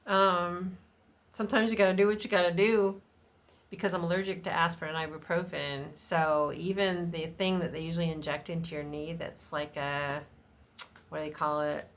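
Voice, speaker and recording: At a moderate pace and with fairly even intonation, a middle-aged vlogger talks off the cuff in a personal vlog, rambling frankly with filler words and the odd curse. Whenever she acts out what someone else said, her voice shoots much higher.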